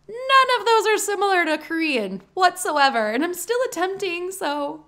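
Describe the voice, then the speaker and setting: A woman's voice: very high-pitched, big pitch swings, normal speed, sharp tone. A woman co-hosting a podcast, chatting in an upbeat, giggly and earnest way. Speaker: podcast co-host. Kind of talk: casual chat.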